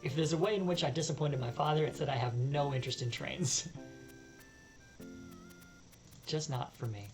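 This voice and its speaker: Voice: medium pitch, wildly swooping pitch, moderate pace, pauses often, soft background music, poor audio. A let's-play host reading game text aloud with joking asides. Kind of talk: casual game commentary.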